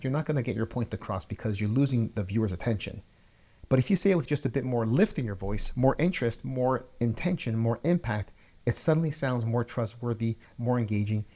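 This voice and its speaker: An energetic man teaching viewers how to speak on camera, leaning hard on key words. His voice sits in a middle range and stays lively and emphatic throughout. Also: medium pitch. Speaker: video coaching host. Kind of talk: energetic instructional talk.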